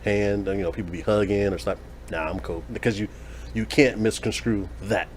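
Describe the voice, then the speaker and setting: A man talking things over in a laid-back podcast chat, mid-pitched and measured, hesitating as he works through his points. Faint room ambience sits under his voice. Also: slight background noise. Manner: relaxed, thoughtful, hesitant with fillers. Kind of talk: casual chat.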